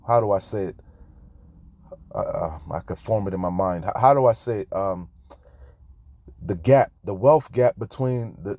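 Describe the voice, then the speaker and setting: A man's voice: lowish voice, warm tone, no room sound. A man preaching in a fiery, profane rant, reading scripture aloud between angry comments on debt. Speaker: street preacher commenting on news.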